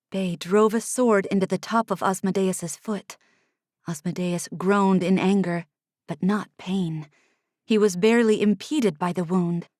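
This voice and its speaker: A woman narrating a first-person fantasy audiobook in a hushed manner, sometimes dropping to an unvoiced whisper, close to a studio mic. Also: medium pitch, dry recording. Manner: hushed, drops to unvoiced whispers in tense passages.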